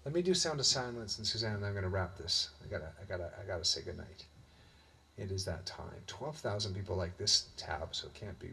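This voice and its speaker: A middle-aged man hosts a live-streamed music show, singing along and chatting with viewers, greeting them by name. His low voice is expressive, gravelly, slightly rough, bright, and forceful, moving a little fast. It's captured on a webcam or computer mic with faint guitar music behind.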